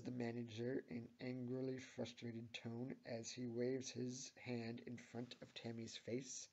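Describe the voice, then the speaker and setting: A man giving a deadpan, mock-serious amateur reading of a fan fiction story. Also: medium pitch, measured pace, hardly any pauses, highs cut off.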